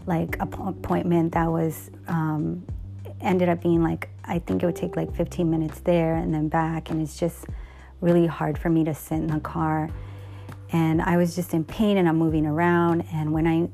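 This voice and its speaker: A middle-aged woman speaks in a low voice with a gravelly edge of vocal fry. She tells a personal story candidly, rambling and restarting her sentences. Faint music plays underneath. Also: little pitch movement, normal speed, dark tone.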